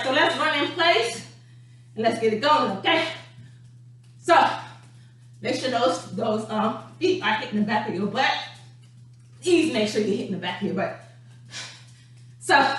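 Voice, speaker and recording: An energetic woman coaches a home stretch workout, chatty and out of breath, voice pitched a little high. The sound is very echoey and taken from well away from the mic, with a faint hum underneath. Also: moderate pace, pauses often, distant mic. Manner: energetic, chatty, calls viewers honey and darling. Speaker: dance instructor.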